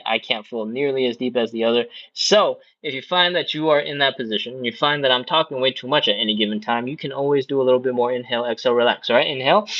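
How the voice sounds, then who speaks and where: A man leading a live stretching workout, calmly cueing breaths, counting reps and encouraging beginners. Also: mid-range voice, no room sound, dull audio. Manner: calm, encouraging, stretches out words on exhales. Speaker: stretching instructor.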